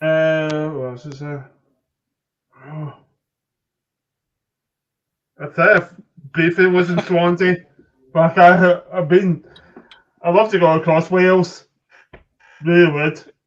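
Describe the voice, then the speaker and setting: A man's voice: a little high, steady tone, takes it slowly, long pauses. A Scottish man chatting in a friendly way on a live stream. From Scotland. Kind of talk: casual chat on a live stream. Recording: dull lo-fi sound.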